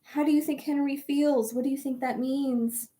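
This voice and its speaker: A woman's voice: high voice, normal speed. A woman, a children's librarian, reading a picture book aloud at a library storytime and asking the children questions. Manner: animated, asks children questions.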